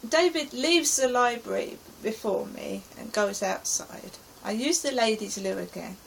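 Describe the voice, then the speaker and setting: A middle-aged woman from England recounts her stressful day in an anxious, rambling present tense. Her voice is raspy and gravelly and sits slightly high, with a faint hiss in the background. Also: animated, measured pace, low-quality recording. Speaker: vlogger. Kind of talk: personal diary account.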